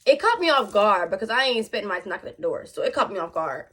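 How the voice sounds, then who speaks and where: A young woman telling a storytime on her vlog in casual slang, animated and chatty with her viewers. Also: medium pitch, fast talker, breathy edge. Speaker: vlogger.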